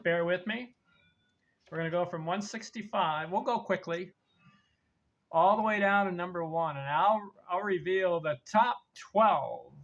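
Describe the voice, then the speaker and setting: Man with a higher voice, counting down rankings. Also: dull audio. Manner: emphatic, teasing the big reveal. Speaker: podcast host.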